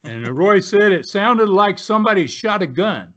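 A man's voice: sits high, big pitch swings, normal speed, a bit bright. A man in his seventies from the United States, telling long rambling stories in a folksy, casual way. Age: 70s. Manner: rambling, folksy, many restarts and fillers. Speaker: guest, former pro wrestler. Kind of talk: casual storytelling. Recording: dull lo-fi sound.

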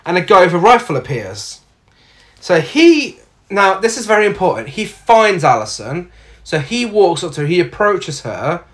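A podcast co-host tells the plot in a casual, sardonic way and swears freely. The pitch swings widely, which keeps the delivery animated. Lines from the film are acted out along the way. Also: normal speed.

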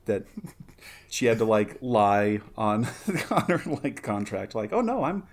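A man's voice: lowish voice, expressive, slow. A man co-hosting a casual podcast, rambling and laughing often, a bit tipsy from a drink. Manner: rambling, laughs often, quotes film lines. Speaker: podcast co-host. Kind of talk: casual movie-watching chat.

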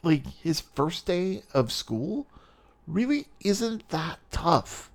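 A male podcast co-host with a gravelly, fry-tinged voice trades casual movie talk. His pitch rises and falls a lot, and he drops in dry, joking asides. The conversation is relaxed and off the cuff. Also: drawn-out words. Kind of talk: casual chat reviewing a movie.

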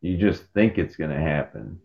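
Brief: male podcast co-host, rambling and jokey, lively up-and-down pitch, dull lo-fi audio. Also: moderate pace, vocal fry. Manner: rambling, jokey, animated, meandering. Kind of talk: casual chat.

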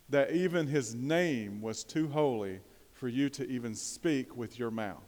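A man preaches a sermon, talking easily and putting questions to his congregation. His voice sits at an everyday middle pitch. It rings with a long hall reverb, as from a church sanctuary. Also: expressive, a little slow, a little mellow. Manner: conversational, asks the congregation questions, bursts of emphasis. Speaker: pastor.

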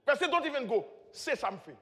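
High-voiced preacher in a reverberant hall. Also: male voice, very animated, rapid-fire. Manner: preaching with rising shouted praise and chuckles. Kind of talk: sermon.

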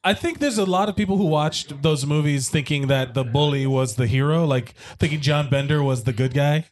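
A man's voice: a little high, a little fast, slight background noise. A man hosting a casual movie commentary podcast, joking and swearing as he rambles with restarts. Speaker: podcast host.

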